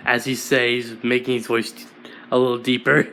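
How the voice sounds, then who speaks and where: A man's voice: mid-range voice, flat delivery, normal speed, pushed and bright, slight background noise. A man improvising a fan-fiction story, giggling, apologizing and restarting often.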